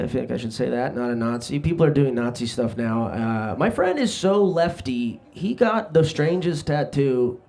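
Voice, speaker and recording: A young man doing a stand-up comedy set on a club stage, brash and self-deprecating, throwing quick asides at the crowd. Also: mid-range voice, darkish tone. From New Jersey. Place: comedy club stage before a live audience.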